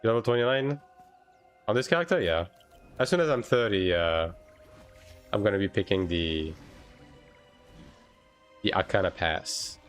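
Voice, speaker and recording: A man's voice: on the low side, unhurried, long pauses, soft background music. A man from France with a light French accent, chatting casually on a game stream, answering chat and swearing offhand while he plays.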